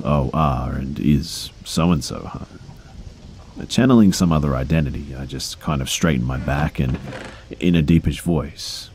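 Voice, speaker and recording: A man with an extremely deep, dark voice reads creepy true stories in a relaxed, conversational way. He drops in casual fillers and the odd swear word. His narration comes over a faint hiss of background noise. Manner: low-key, conversational storytelling with fillers and profanity.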